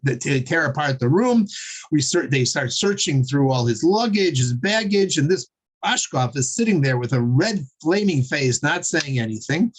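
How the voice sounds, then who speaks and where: A man teaching a class and retelling a story, stumbling over and repeating his words, with frequent fillers and chuckles. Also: on the high side. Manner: chuckles while telling. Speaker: Torah teacher.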